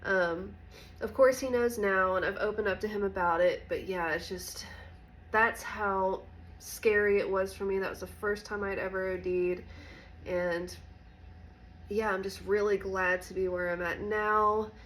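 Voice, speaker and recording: A woman vlogger telling a personal story in a candid, halting, soft-spoken way. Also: medium pitch, steady tone, a little hiss or hum, rough recording. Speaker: recovery vlogger.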